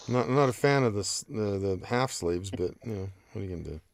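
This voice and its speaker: A man's voice: on the low side, lively intonation, brisk, dry recording. A man hosting a casual podcast chat, making dry jokes and reading out chat comments. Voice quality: gravelly. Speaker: podcast host.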